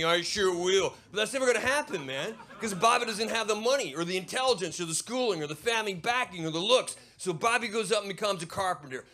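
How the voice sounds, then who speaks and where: A man's voice: sits high, pushed and bright. A man from Idaho, doing a brash, profane stand-up comedy set on a club stage. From Idaho, USA. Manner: brash, profane, rapid-fire storytelling with mocking voices.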